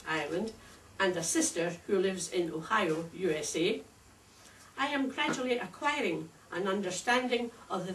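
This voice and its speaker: Older scottish lady doing a dry funny club speech, echoey room, mic kinda far off. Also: medium pitch. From Scotland. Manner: wry, measured, deliberate delivery. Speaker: speakers club contestant. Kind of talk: prepared humorous speech. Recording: echoey room, distant mic, faint hiss.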